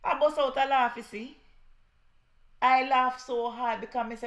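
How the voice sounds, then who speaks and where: A woman's voice: high-pitched, fairly even intonation, moderate pace, a bit bright. A woman with a Jamaican accent giving heated political commentary, scornful and mixing patois with English.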